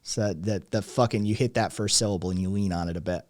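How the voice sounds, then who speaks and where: A man's voice: low-pitched, quick pace, dry recording, studio quality. A man from Tennessee with a Southern Tennessee accent, hosting a casual, heavily profane podcast chat. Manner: swears constantly, animated. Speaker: podcast host.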